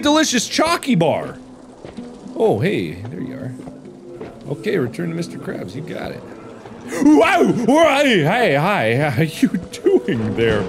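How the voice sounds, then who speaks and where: A man commentating a horror game, excitable and jumpy, with loud reactions and swearing. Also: a little high. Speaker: gaming host. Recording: game music in background.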